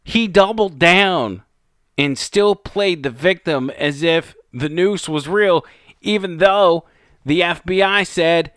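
Commentator, male, sarcastic and mocking, smooth dry mic sound. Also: sits high, slow, a bit bright, no room sound. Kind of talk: opinion commentary over clips.

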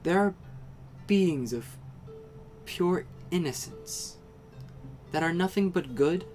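A game master voicing a curious, kindly ancient female tree dryad, speaking softly and slowly with a sense of wonder. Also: high-pitched, lively intonation, faint music behind, voice pushed up. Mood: gentle, judging. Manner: soft, slow and wondering.

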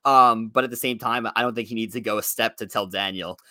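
A man's voice: lowish voice, steady tone, bright, forceful tone, no room sound. A man co-hosting a casual recap podcast, rambling along and filling his sentences with "you know" and "um". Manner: rambling, fills every pause with "you know". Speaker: podcast co-host.

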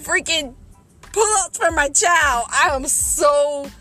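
A young woman talking from her car to her listeners, excitable and exasperated, breaking into laughter often. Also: high-pitched, slow, faint music behind. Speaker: podcast host. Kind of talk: casual storytelling to listeners. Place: in her car, parked and driving. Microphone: phone.

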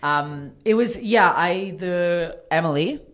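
A woman comedian talking bluntly and swearing freely in a candid conversation, with a low voice. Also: animated, slow pace. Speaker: comedian and podcast guest.

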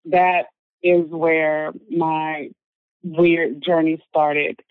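A woman's voice: on the low side, fairly even intonation, moderate pace, dry recording. A woman telling a personal story as an interview guest, earnest and full of filler words. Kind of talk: personal story told in conversation. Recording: narrow phone-like sound, dry.

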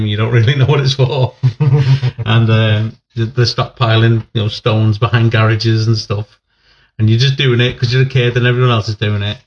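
A man's voice: lowish voice, lo-fi sound. A man in his forties, an army veteran who was born in England and raised in Northern Ireland, telling rambling stories in a casual podcast chat. He swears freely and laughs often.

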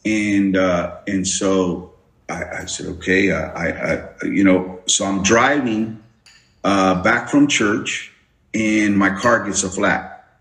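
A man's voice: deep voice, takes it slowly, a bit bright. Man telling a story in a roomy space. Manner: storytelling with many restarts, acting out quoted voices. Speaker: guest. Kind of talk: testimony in a conversational interview. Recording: roomy echo.

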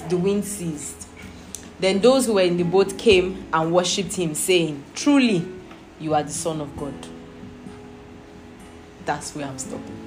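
A woman's voice: on the low side, darkish tone. A woman teaching a Bible study, reading scripture aloud and explaining it patiently, asking her listeners questions.

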